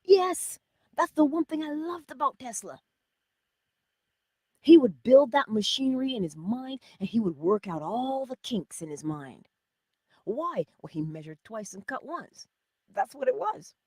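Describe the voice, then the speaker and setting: A middle-aged woman hosting a spiritual self-help livestream, talking casually and animatedly, jumping from loud exclamations to whispers. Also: on the high side, big pitch swings, measured pace, husky, no echo. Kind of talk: casual motivational talk.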